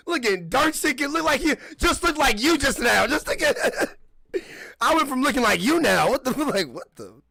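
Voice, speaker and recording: A young man riffing with his podcast co-hosts, laughing constantly and putting on voices for the people in his stories. His voice sits very high, with a gravelly fry and a bright, tense edge. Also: sing-song, unhurried. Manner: laughs often, acts out silly voices of others. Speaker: podcast co-host. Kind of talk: casual comedic banter.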